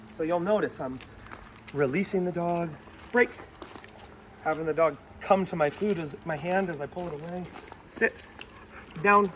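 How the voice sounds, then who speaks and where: Man training a dog outdoors. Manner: switches between bright, high praise to the dog and calm explanation. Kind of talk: instructional dog training demo. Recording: outdoor mic with clear background noise.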